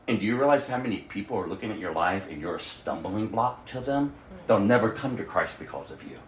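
A man preaching a sermon as pastor, emphatic, swinging from quiet asides to loud exhortation. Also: medium pitch, big pitch swings, moderate pace, reverberant.

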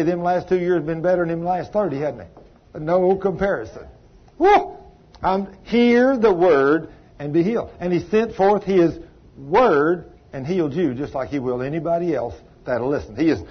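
A man's voice: on the high side, expressive, normal speed, husky, dull audio. A man preaching a sermon, folksy and emphatic, telling a story with sudden exclamations.

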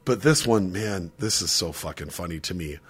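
A man telling a story in casual podcast chat, animated and profane, laughing often. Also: sits low, normal speed, breathy edge.

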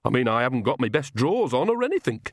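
A man voicing a flustered, bawdy old witch woman who squeaks high when shocked. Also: big pitch swings, moderate pace, dry recording, studio quality. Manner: shrill, easily shocked.

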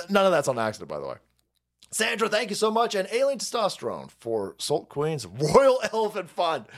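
A foul-mouthed man in middle age hosts a live stream, his pitch rising and falling a great deal as he rants. He rambles and mocks, then stops to thank viewers for their donations. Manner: reads donor messages aloud. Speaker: livestream host. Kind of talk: profane political rant and chat reading.

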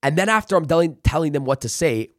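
A man's voice: on the high side, expressive, a little fast, no room sound, clean studio sound. A man talking as a sales trainer in a casual podcast interview, emphatic and coaching, acting out pep talks. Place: office.

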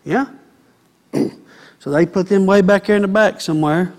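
A preacher with a notably high voice delivers his sermon. He swings from quiet asides to loud, fiery exhortation. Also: normal speed. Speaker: pastor.

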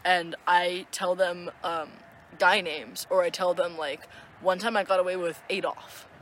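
A woman's voice: fairly low pitch, fairly even intonation, a little slow, a little hiss or hum. A young woman co-hosting a podcast, chatting casually in a rambling, profane way and giggling often. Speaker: podcast co-host. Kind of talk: casual chat.

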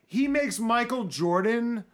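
A man co-hosting a podcast in casual chat, ranting in an animated way, swearing and doing mocking impressions. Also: very high voice, slow pace. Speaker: podcast co-host.

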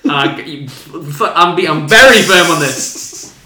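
A man chatting casually on a podcast, animated and emphatic, laughing often. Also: a little high, slow pace, reverberant. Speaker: podcast guest. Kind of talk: casual chat.

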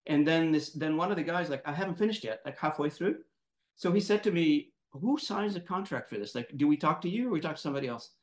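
A man hosting an interview, telling a personal story in a lively, animated way and acting out quotes. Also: a little high, fast, reverberant. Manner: animated, laughing storyteller who acts out quotes. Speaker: podcast host, moderator. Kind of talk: casual storytelling in conversation.

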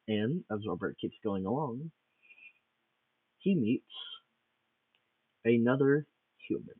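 Man narrating a silly improvised tale, rambling delivery; husky, low voice, dry phone-quality recording. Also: lively intonation, takes it slowly, pauses often, no room sound, far from the mic. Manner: rambling, with restarts and fillers. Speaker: storyteller. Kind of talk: improvised comic storytelling.

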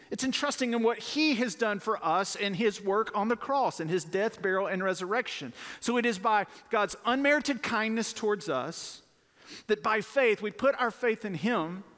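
A man's voice: sits high, a bit bright, in a large hall. A man preaching to families and children, emphatic, repeating key words and calling for responses. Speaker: pastor. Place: church sanctuary.

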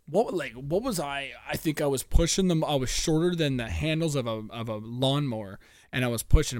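Young guy ranting on his podcast, swears a ton, trips over his words, mid pitch, dead dry sound. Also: no room sound. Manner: profane, animated ranting with frequent stammered restarts. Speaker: podcast host. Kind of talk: solo podcast rant.

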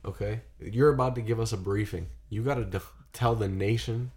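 A man's voice: fairly low pitch, moderate pace, a little mellow. A young man co-hosting a podcast, loose and swearing as he sets up comedy bits. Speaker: podcast co-host. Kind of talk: casual chat.

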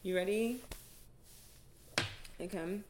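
A woman's voice: medium pitch, takes it slowly. A woman co-hosting a podcast in casual chat, laughing often, slangy and loose with casual swearing. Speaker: podcast co-host. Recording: noisy background.

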